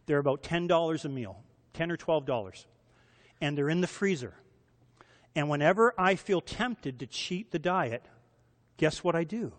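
A man preaching in a relaxed, conversational sermon. His voice sits a bit high for a man and rings out with the long reverb of a big hall. He keeps asking his listeners questions. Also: moderate pace, long pauses. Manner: conversational, asks the audience rhetorical questions. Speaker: pastor.

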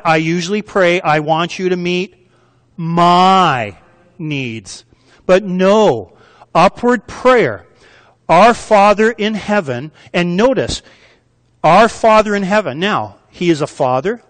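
A man's voice: high-pitched, fairly bright tone. A man preaching a sermon, leading the congregation in call-and-response and asking them to repeat key words. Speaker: pastor. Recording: long hall reverb.

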